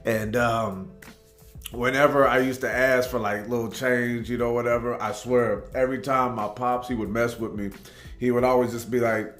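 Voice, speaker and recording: A Tacoma, Washington, USA man hosting a reaction video speaks at a moderate pace in a mid-range, fairly bright voice with fairly even intonation. His casual storytelling commentary is rambling and laid-back, peppered with "man," over a roomy echo and faint background music.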